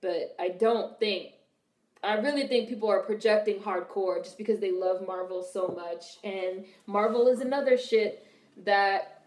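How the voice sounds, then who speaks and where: Unhurried and darkish in tone, a medium-pitched young woman from D.C. hosts casual film reaction commentary. She speaks bluntly with profane wisecracks, and the echoey, roomy space is audible.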